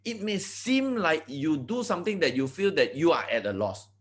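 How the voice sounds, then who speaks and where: Animated Malaysian man giving a pep talk. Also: moderate pace. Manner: animated, swinging pitch, repeats words and restarts; addresses audience directly, asks for agreement. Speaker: motivational speaker. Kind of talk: motivational talk to an online group.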